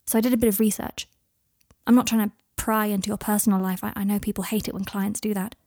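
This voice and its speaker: A woman voicing an earnest, gentle young man who reassures with some hesitation, in a fan fiction reading. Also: mid-range voice, flat delivery, quick pace, no room sound, studio quality, lightly acted. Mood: hasty.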